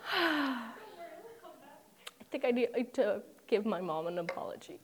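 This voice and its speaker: A woman's voice: on the high side, normal speed, long pauses. A young woman preaching a sermon in a conversational way, with humorous asides and dramatic quoted voices.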